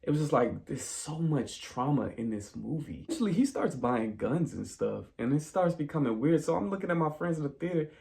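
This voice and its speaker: A man casually recapping a film plot in a spoiler review, telling it as an animated story and talking straight to his viewers. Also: fairly high pitch, brisk, vocal fry, few pauses. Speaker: movie reviewer.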